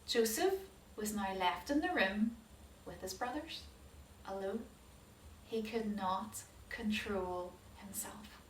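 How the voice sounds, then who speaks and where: A woman telling a Bible story to children as a Sunday school teacher, animated and asking her listeners questions. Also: mid-range voice, measured pace, a little hiss or hum. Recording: roomy hall, distant mic.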